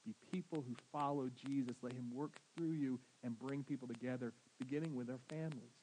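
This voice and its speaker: A man's voice: medium pitch, steady tone, a little fast, warm tone, a little hiss or hum, rough recording. A man with a Southern American accent preaching a sermon as pastor, often asking his congregation questions.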